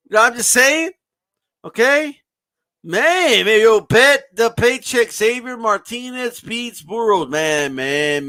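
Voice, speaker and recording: A man runs a boxing live stream in casual, rambling chat, dropping curses as he reacts to his viewers. His voice sits high and rings bright. The sound is dry, with no room in it. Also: dry recording. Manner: loose and rambling, swears often. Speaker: boxing livestream host.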